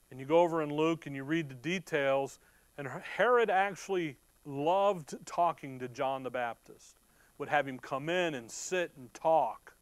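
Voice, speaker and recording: Here a man with a fairly high voice delivers a sermon, recorded with no room sound. He reads scripture verse by verse with explanatory pauses, answers his own rhetorical questions, and restarts words when he's moved.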